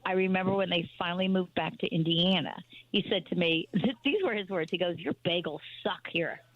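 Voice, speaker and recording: A woman in her sixties chats as a guest on a radio show and tells her stories with energy, voicing the people in them. Her voice sits a little low. The sound is dull and lo-fi, like an old broadcast. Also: brisk. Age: 60s. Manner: lively storyteller, acts out quoted dialogue. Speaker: bagel shop owner and guest. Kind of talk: casual radio chat.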